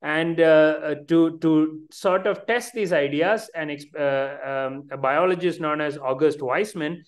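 An Indian-accented man lectures on science over a video call. His voice sits a little high for a man. He pauses often with fillers and restarts his phrases as he explains. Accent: Indian English. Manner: hesitant, many fillers and restarts.

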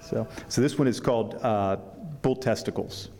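This is a novelist doing a public reading at a book fair, his mellow, fairly low voice echoing through the event hall. When reading he is steady, yet speaking off the cuff he hesitates and uses fillers.

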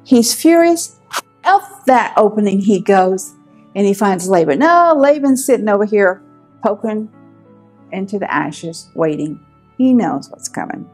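A woman with a husky voice tells a Bible story dramatically. She speaks slowly, repeating words for weight. Faint music sits behind her. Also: mid-range voice, sing-song, a little mellow. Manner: vivid, repeats words for emphasis. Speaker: Bible teacher.

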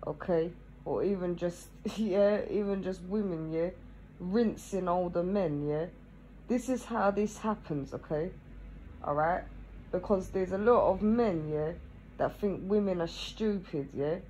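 Woman chatting slow to camera, kinda low voice, says yeah? every other breath, laughs a lot. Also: mellow, slight background noise, poor audio. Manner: tags almost every phrase with "yeah?", laughing asides. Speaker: vlogger. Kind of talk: casual chat to camera.

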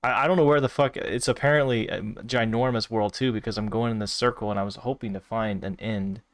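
A man streaming a virtual world game, reacting out loud in casual commentary with laughs and exclamations. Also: steady tone, brisk, no echo. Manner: laughing, exclaiming, sudden high squeals. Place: at home at a desk.

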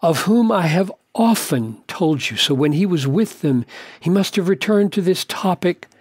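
An older man, a pastor, giving an earnest, deliberate Bible commentary and stretching key words for emphasis. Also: high voice, animated, a little mellow, breathy edge, no room sound, studio quality.

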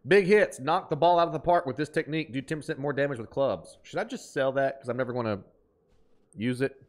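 A man's voice: medium pitch, fairly quick. A man with an Appalachian twang, chatting casually while streaming a game, reading chat aloud and laughing easily.

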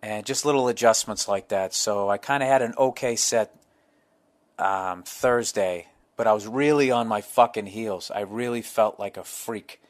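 A man's voice: on the low side, moderate pace. A middle-aged man, hosting a solo podcast, telling profane, rambling comic stories. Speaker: podcast host.

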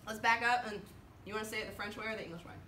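Animated woman teaching in an echoey classroom. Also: mid-range voice, distant mic, a crowd in the background. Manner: animated, leads choral reading with slow drawn-out words and countdowns. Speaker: French teacher.

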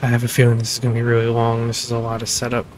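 A man's voice: mid-range voice, monotone, rapid-fire, slight background noise, low-quality recording. A man hosting a gaming channel, reading a text adventure aloud and breaking off for casual asides about the game. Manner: reads game text, then chats in asides.

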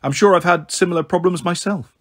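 A man reading aloud and voicing a middle-aged female teacher who speaks primly and coaxes gently. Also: high-pitched, brisk. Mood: coaxing. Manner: prim, gently coaxing.

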